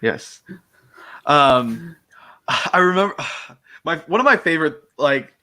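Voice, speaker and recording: A young man talks in an easygoing, rambling way, breaking into laughs and quick impressions. His voice is lively and swings widely in pitch as he chats. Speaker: fan-film actor and co-host. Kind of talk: casual chat.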